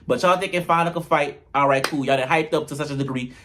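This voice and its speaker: A man's voice: on the high side, fast talker, fairly bright tone, slight background noise. A man, doing a sassy, profane comedic recap of a reality show and jumping into mocking voices for the cast.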